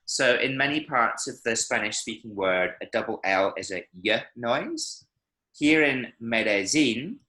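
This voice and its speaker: This is a lively male Spanish teacher with a bright, medium-pitched voice, teaching an online class from Medellín via video call. The recording quality is low. He takes a patient approach, explaining concepts and confirming that students have understood.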